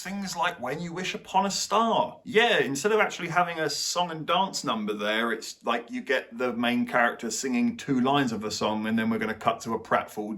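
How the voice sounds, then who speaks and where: A man's voice: a little high, a bit bright. A young man giving a blunt, sarcastic film review as the host of his channel.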